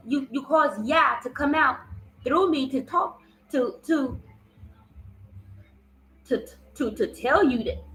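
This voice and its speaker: Slow-talking high-voiced woman vlogger. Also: bright, forceful tone, slight background noise, poor audio. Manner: casual, swears often, repeats herself. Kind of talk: personal storytelling vlog.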